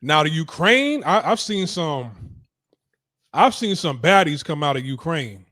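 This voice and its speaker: A man's voice: a little high, big pitch swings, measured pace, fairly bright tone, no room sound, studio quality. A young man giving casual reaction commentary as a show host, blunt, profane and dismissive. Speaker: streaming talk show host.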